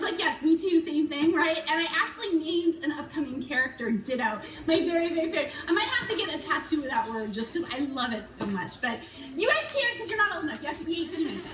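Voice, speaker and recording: A woman's voice: very high-pitched, a bit bright, roomy sound, distant mic, poor audio. A woman in her forties, a children's book author, answering kids' questions in a bubbly, upbeat way. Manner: bubbly, upbeat, talks to kids. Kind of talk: virtual school visit Q&A.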